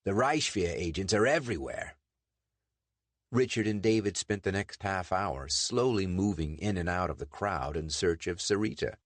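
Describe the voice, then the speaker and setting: A man narrating a pulp adventure audiobook in lively storytelling. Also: low voice, normal speed, hardly any pauses, no echo. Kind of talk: scripted narration.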